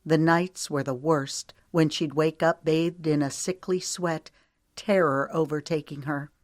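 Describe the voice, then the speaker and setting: Low-voiced woman narrating an audiobook. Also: steady tone, unhurried, no room sound, studio quality. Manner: reads dialogue with light character shifts. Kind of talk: scripted narration.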